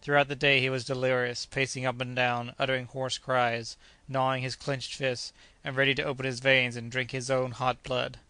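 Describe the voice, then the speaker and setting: A man narrating an adventure audiobook in a measured, steady reading. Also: medium pitch, clean tone, dry recording.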